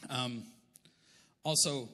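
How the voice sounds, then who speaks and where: Bright-voiced Canadian pastor, joking sermon. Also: male voice, mid-range voice, very slow. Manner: conversational, joking preaching. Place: church auditorium. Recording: long echo of a large church hall.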